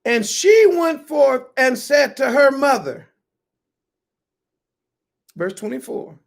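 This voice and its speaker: A preacher giving a Sabbath sermon, talking slowly and emphatically, swinging from loud outbursts to hushed asides. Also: high-pitched, sing-song, vocal fry.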